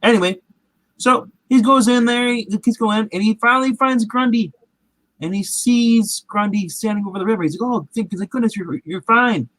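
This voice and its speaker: A man's voice: sits high, moderate pace, fairly bright tone, rough recording. A man recapping a show in casual, rambling chat, acting out quotes in different voices. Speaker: comic show recap host.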